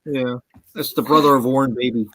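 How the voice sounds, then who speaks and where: A man's voice: steady tone, fairly quick, pushed and bright, dry recording. A man chatting as a guest on a podcast, joking and swearing. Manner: jokey, swears, quotes lines in a high put-on voice. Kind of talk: casual chat.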